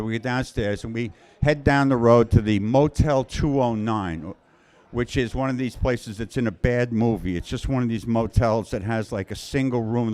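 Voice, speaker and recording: A man's voice: medium pitch, a little mellow. A man from Queens, telling a personal story live in a wry, conversational, self-mocking way. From Queens, New York.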